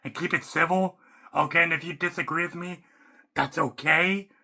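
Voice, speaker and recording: A man ranting off the cuff as a fan, rambling and excitable, restarting sentences and swearing casually. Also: fairly high pitch, moderate pace, gravelly. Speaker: YouTuber. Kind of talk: unscripted fan rant.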